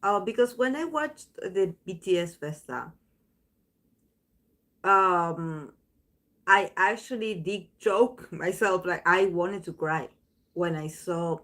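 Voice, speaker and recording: A woman talks to her viewers in an unhurried, loose chat, drifting between thoughts and restarting her sentences. Her voice sits fairly low, and she takes her time with every phrase. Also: lively intonation, fairly bright tone. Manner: rambling, many restarts and fillers. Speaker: tarot channel host.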